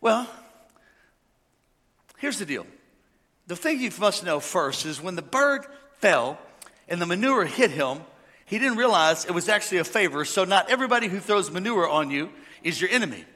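A man preaching a sermon, telling a made-up parable and acting out the characters with lively energy. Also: sits high, normal speed, pauses often. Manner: animated storytelling, acting out characters. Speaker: pastor. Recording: long hall reverb.

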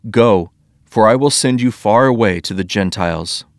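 A calm, commanding voice from heaven giving measured orders in a spoken scripture story, as a man reads it aloud. The tone is low and even. It is recorded dry and close. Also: dry recording, natural voice.

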